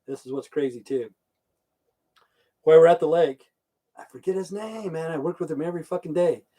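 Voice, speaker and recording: Reading out chat viewers' names as he goes, a middle-aged livestreamer rambles casually through stories with constant swearing. He has a mellow, slightly high voice and speaks a little fast.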